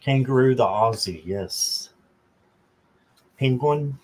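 Laid-back man hosting a live stream, unhurried, jokey, mid-pitched voice. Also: low-quality recording. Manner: slow, chatty, talks to viewers by name, jokes. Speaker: tarot reader and channel host. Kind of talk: casual live-stream chat.

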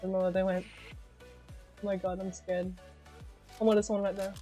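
A woman streamer giving excitable live commentary on her gameplay, shrieking and laughing at each moment. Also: medium pitch, moderate pace, soft background music.

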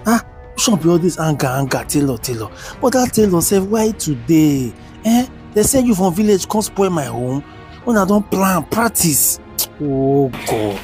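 A man's voice: on the high side, big pitch swings, normal speed, darkish tone, faint music behind. A man with a Nigerian accent narrating and acting out a comedy skit as a husband, coaxing and pleading in his asides and dialogue.

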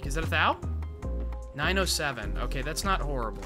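A man giving casual, excitable gameplay commentary full of gamer slang. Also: on the high side, fairly quick, over music. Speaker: gaming content creator.

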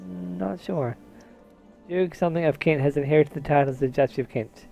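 With a fairly high, mellow voice marked by vocal fry, a let's-player speaks at normal speed while faint music plays behind. He casually comments on his game, half-distracted and talking to himself. Now and then he dabbles in a mock posh old-English put-on.

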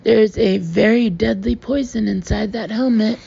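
A woman's voice: fairly high pitch, normal speed, gravelly, dark tone, breathy edge, dull audio, exaggerated voice. A woman voicing an indignant young female submarine captain in a storybook reading.

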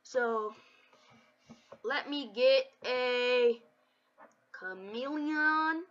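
A woman commentating her video game play with her child, taunting and excitable, slipping into sing-song trash talk. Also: high-pitched, drawn-out words. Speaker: gameplay commentator. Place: home. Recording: dull lo-fi home recording.

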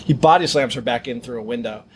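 A man's voice: mid-range voice, fast talker, a little hiss or hum. A man co-hosting a horror movie podcast, reacting with disbelief and laughing asides. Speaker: podcast co-host. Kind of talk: casual movie chat.

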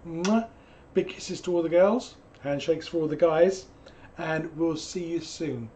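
A hoarse man, teaching painting on a live stream in a chatty, digressive way with jokey asides. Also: fairly high pitch, steady tone, a little slow, warm tone. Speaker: painting instructor.

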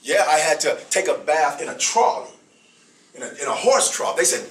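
A middle-aged man, a bishop, giving a speech to an audience in a preaching style. He stresses his points, repeats phrases and uses slow dramatic pauses. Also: mid-range voice, fairly bright tone, slight background noise. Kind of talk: preaching-style public address. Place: event hall before an audience. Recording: echoey hall from far off.

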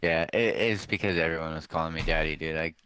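A man's voice: very deep voice, steady tone, fast talker, noisy background. A young man chatting casually with friends over a headset while streaming a game, laid-back and saying dude a lot. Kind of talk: casual gaming chat.

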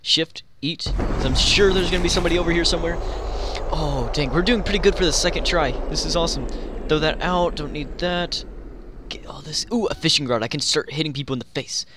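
A young man giving excitable, joking commentary while playing a game, talking to himself and the players around him. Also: on the high side, brisk, background noise. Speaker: gaming YouTuber. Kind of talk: live Minecraft gameplay commentary.

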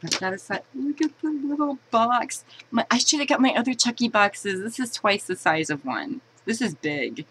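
A woman's voice: on the high side, animated, normal speed, a bit bright, a little hiss or hum, poor audio. A woman chatting casually while unboxing a collectible, giggling and poking fun at herself. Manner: chatty, giggly, self-mocking.

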